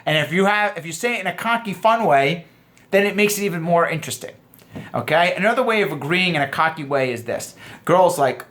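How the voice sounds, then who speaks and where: A man in his thirties giving a casual dating lesson, animated, acting out quoted lines in shifting voices. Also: fairly high pitch, fairly quick. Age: 30s. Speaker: dating coach.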